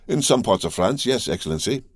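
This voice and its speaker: A man doing a nervous, higher-pitched steward. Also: lively intonation, brisk, breathy edge, no echo, clean studio sound. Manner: nervous, trembling. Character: anxious male steward, a servant.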